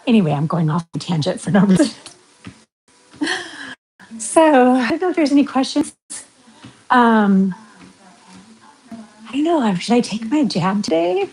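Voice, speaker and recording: A woman's voice: a little high, a little mellow, slightly rough, rough recording. Chatty middle-aged West Coast woman. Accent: West Coast American. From western United States. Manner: chatty, rambling, reads out viewer comments. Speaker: livestream vlogger. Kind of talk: casual livestream chat while walking.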